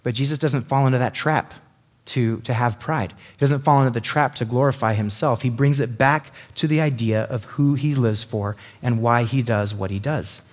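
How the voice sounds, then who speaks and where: A man's voice: medium pitch, normal speed. Chatty man teaching a Bible passage. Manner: chatty, lots of "like" and "right?" asides.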